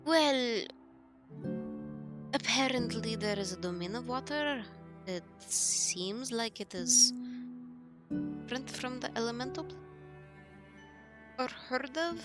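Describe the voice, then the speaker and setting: A woman's voice: a little high, lively intonation, unhurried, pauses often, music in the background. A woman player in casual tabletop game chat, giggly and prone to breaking off mid-sentence. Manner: giggly, wandering and self-interrupting.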